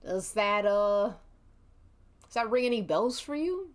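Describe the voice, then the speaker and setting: A woman's voice: medium pitch, animated, unhurried. A woman streaming as game master, narrating a murder mystery role-play casually, swearing and laughing often.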